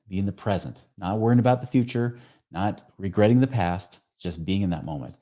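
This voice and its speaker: A man's voice: low-pitched, fairly quick, warm tone. A man in his forties hosting a podcast, giving casual, earnest advice straight to the listener, with lots of fillers and self-corrections. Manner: speaks directly to the listener with rhetorical questions. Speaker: podcast host.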